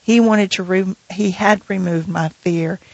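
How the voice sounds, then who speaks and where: A woman speaks in a close, dry studio sound, sharing a personal faith story on a Christian radio show. Her voice sits in a middle pitch, and she talks earnestly and reflectively. She slows down when she reads scripture aloud. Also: fairly even intonation, gravelly, darkish tone, breathy edge, dry recording, lo-fi sound. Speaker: co-host of a Christian radio program. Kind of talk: personal testimony, sharing devotional reading.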